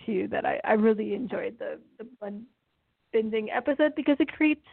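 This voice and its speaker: A woman hosts a casual chat, stating her opinions emphatically and point by point. Her voice sits fairly high. The audio is narrow and phone-like, close and dry. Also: expressive, moderate pace, gravelly, husky, dry recording. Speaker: podcast host. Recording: tinny phone-like line, dry.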